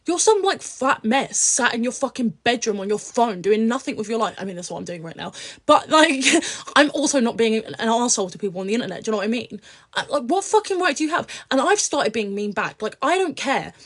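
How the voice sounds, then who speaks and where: A young British woman, an influencer guest, chatting bluntly and profanely on a podcast, swinging from low mutters to loud outbursts. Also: sing-song, fairly quick. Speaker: social media influencer guest. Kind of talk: casual podcast chat.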